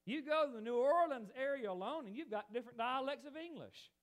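A man preaching a sermon in a high voice that swings up and down with emphasis. He talks animatedly, stressing points and turning to chat with his congregation. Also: expressive, a little fast. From United States. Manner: chatty asides to the congregation.

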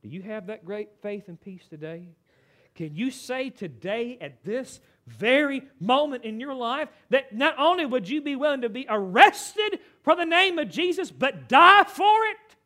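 Male preacher, dramatic delivery, voice sits very high and ringing. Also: lively intonation, a little slow. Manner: dramatic, swings from shouting to hushed. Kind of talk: sermon.

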